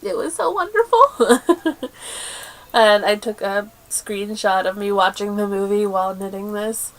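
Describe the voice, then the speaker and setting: A woman hosting a crafting video podcast in casual chat, chatty and quick with asides, laughing often. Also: medium pitch. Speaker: podcast host.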